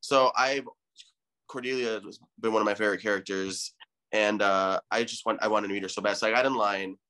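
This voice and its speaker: Guest, male, 30s, low bright voice, chatty and effusive storyteller. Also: fairly even intonation, a little fast. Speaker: podcast guest. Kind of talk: casual chat.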